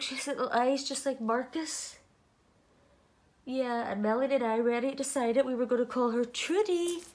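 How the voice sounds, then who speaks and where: A woman chatting casually to viewers as she unboxes a doll parcel, gushing and excitable. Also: fairly high pitch, echoey room. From Ireland. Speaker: doll collector vlogger.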